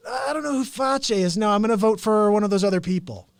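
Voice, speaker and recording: Dude ranting for laughs, high lively voice, dry close sound. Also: male voice, fast, hardly any pauses, no room sound. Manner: rambling, animated, mock-indignant. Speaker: host. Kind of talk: improvised comic rant.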